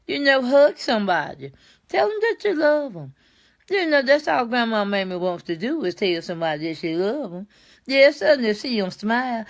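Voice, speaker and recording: An older woman, chatting warmly on a live stream and greeting viewers by name. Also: a little high. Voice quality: warm, folksy. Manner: chats with viewers by name, repeats herself, laughs easily. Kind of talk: casual live chat with viewers.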